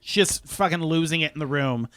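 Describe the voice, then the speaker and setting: A man's voice: fairly high pitch, fairly quick, a bit bright, smooth, no echo, studio quality. A man co-hosting a podcast, recapping a TV show with wry jokes, casual swearing and silly impressions. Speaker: podcast co-host.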